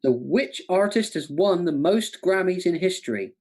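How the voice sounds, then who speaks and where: Male quiz co-host, chatty and jokey, high voice, speaking from home. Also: expressive, a little mellow. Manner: chatty, jokey, reads questions slowly twice. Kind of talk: casual online quiz hosting. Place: home room by a window.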